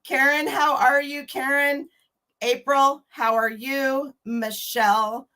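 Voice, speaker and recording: A chatty woman in her fifties hosts a casual livestream, greeting viewers one by one with frequent laughter. She talks at an easy, unhurried pace. Her voice sits a little high. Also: level tone, pushed and bright. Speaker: livestream host.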